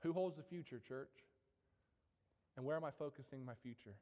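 A man's voice: medium pitch, moderate pace, dark tone. A male pastor preaching a sermon, emphatic and repetitive, calling out to the congregation again and again. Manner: emphatic, repeats key questions, calls out to the congregation. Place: church sanctuary. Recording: long reverb of a church hall.

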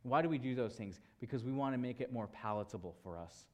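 A man delivers a sermon at an average pitch. He stresses his points with repetition and keeps returning to rhetorical questions. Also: fast, darkish tone. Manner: emphatic preaching with repeated phrases and rhetorical questions. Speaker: pastor.

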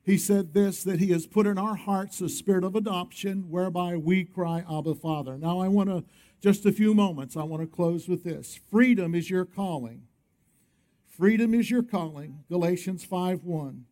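A man's voice: high voice, moderate pace, dark tone. A male pastor preaching a sermon, emphatic, often calling on the congregation to respond.

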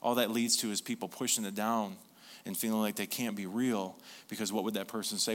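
A man preaching a sermon, conversational and animated, who drops soft and low for emphasis. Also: fairly quick. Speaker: pastor.

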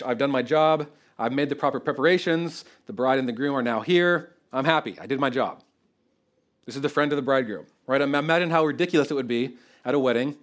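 A man preaching an expository sermon in an animated, conversational way, often checking in with the congregation. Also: medium pitch. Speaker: pastor.

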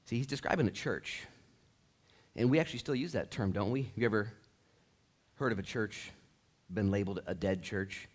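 A man preaching to his church, casual and lively, acting out quotes and dropping slang. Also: fairly low pitch, moderate pace, pauses often. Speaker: pastor. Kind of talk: sermon.

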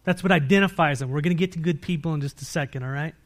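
An American man preaching a sermon as pastor, asking his congregation questions and answering them himself, moving between loud emphatic peaks and quiet low-voiced stretches. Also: rapid-fire.

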